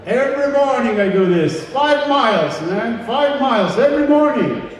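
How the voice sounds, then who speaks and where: Guy putting on a bragging 93 yr old jogger, voice pushed up higher, big echoey hall from far off. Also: expressive, moderate pace, a little hiss or hum. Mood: breezy. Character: spry ninety-three-year-old jogger, boastful.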